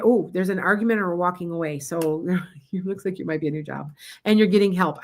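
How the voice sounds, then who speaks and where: A middle-aged woman doing a live-streamed tarot reading, chatting casually and calling out viewers by name. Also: lowish voice. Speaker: psychic tarot reader.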